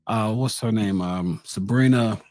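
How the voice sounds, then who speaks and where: A man's voice: fairly low pitch, unhurried. A man co-hosting a podcast, telling stories in a teasing, folksy way. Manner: animated storytelling, folksy and teasing. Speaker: podcast co-host. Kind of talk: casual chat.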